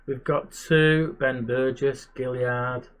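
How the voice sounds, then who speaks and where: A man's voice: mid-range voice, steady tone, slow pace. A man giving casual, chatty commentary while playing a management game, muttering asides to himself. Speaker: gamer and channel host.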